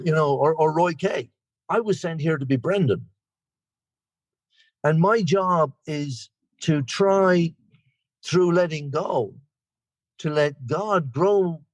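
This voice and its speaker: A man's voice: a little high, dry recording. A man in his sixties from Ireland with an Irish accent, sharing at a recovery meeting in a rambling, chatty way with self-deprecating humor, over a video call. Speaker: guest speaker.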